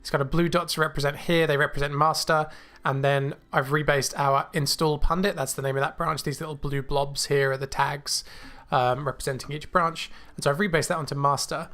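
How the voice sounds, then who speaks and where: Rambling man live-coding, clearing his throat. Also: a little high, fairly even intonation, brisk, sharp tone. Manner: rambling, thinks aloud with many fillers and restarts. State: slightly choked, clearing throat. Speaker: livestream host coding. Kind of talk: casual live coding walkthrough. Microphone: new desk mic.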